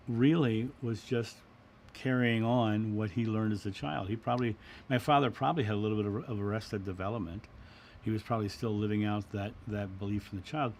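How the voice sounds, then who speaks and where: A middle-aged man hosting a spiritual livestream, talking in a gentle, reflective way as he answers viewers. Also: fairly low pitch, gravelly, slight background noise. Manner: gentle, reflective, repeats words and restarts. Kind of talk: casual spiritual talk.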